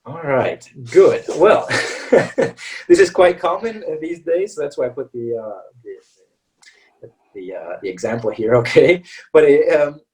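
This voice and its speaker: A man's voice: a little high, expressive, slow pace, darkish tone, far from the mic, low-quality recording. An American man teaching English in a live webinar, talking in a chatty way and often checking in with "all right" and "okay".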